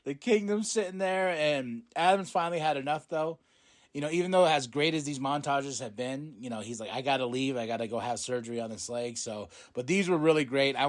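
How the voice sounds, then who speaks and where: Excitable man recapping a show casually. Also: a little high. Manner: excitable, laughs often, swears casually. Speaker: podcast host.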